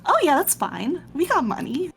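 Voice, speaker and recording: Lively, cheerful woman player. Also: high voice, moderate pace, gravelly. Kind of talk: casual in-character play.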